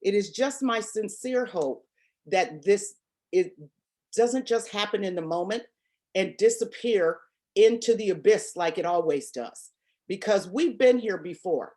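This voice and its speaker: A woman's voice: mid-range voice, expressive, measured pace, darkish tone. A woman panelist making impassioned, emphatic remarks and repeating her points.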